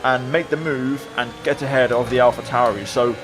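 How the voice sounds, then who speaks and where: A man talking through a replay of his own online race, relaxed and reflective, with many fillers. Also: mid-range voice, normal speed, music in the background. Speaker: sim racing video creator. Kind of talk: replay commentary voice-over.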